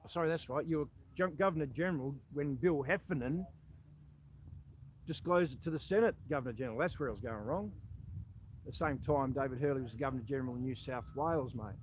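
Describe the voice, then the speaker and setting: A man's voice: medium pitch, fast, a little hiss or hum, low-quality recording. Confrontational Australian man saying "mate". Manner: confrontational, addresses listener as "mate" constantly. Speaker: former army recon soldier. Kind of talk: direct-to-camera appeal.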